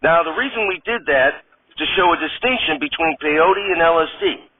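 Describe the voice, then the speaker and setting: A man voicing a scheming drug peddler with smooth, matter-of-fact sales patter. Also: on the high side, moderate pace, pitched above the performer's own voice, natural voice. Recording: tinny phone-like sound.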